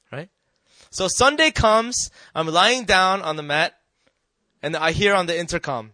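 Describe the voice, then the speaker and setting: A man shares a personal testimony with a live audience, his voice sitting a little high for a man. He talks earnestly, keeps drawing the listeners in with quick questions and sinks soft and quiet at the tender parts. The sound is dry and close, with no room echo. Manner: storytelling, often asking the listeners "right?". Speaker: speaker sharing a personal testimony.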